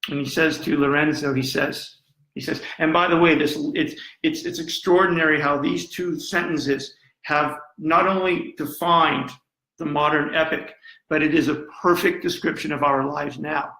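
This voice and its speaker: A man's voice: a little high, steady tone, normal speed, sharp tone. A man giving an impassioned live lecture, dramatic and emphatic, repeating phrases for effect. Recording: roomy echo.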